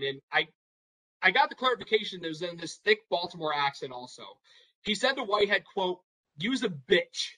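A young man spins a rambling story full of "like" and "you know," jumping into the voices of the people in it. His voice sits high and sounds bright and forceful, and it swings up when he gets excited. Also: poor audio. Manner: animated, rambling with many fillers, acts out quotes. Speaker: podcast guest storyteller. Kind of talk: casual storytelling.

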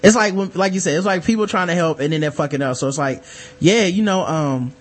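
A man's voice: high voice, fairly quick. A man co-hosting a podcast in casual, profane chat, reading listener mail and acting out the people he quotes. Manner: profane, animated, acts out quoted voices. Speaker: podcast co-host.

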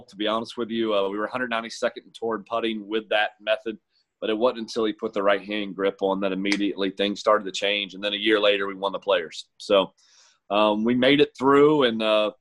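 A man's voice: fairly low pitch, steady tone, a little fast, a bit bright. A man who works as a golf caddie, telling his story in an interview in an earnest, heartfelt, reflective way.

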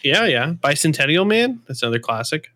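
Bright-voiced man bantering incredulously. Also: fairly high pitch, very animated, a little fast, no echo. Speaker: podcast co-host. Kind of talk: casual chat.

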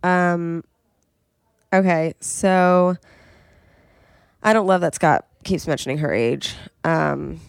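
A young woman with a lowish, gravelly voice chats loosely about a reality show, full of fillers and playful quotes of the cast. Her voice is close and dry, with no room around it. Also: takes it slowly, long pauses, dry recording. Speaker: podcast co-host. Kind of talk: casual reality TV recap chat.

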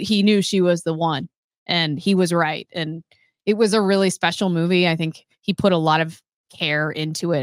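A woman with a somewhat low voice co-hosts a relaxed podcast. She talks in a thoughtful, chatty way and slips in quick light laughs. The recording is dry and close, with no room echo. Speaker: podcast co-host. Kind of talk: casual sports podcast chat.

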